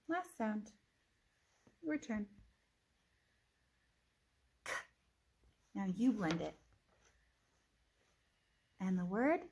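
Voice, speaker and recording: A woman teacher giving a phonics reading lesson, sounding out words slowly and deliberately with encouraging praise. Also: medium pitch, a bit bright, a little hiss or hum.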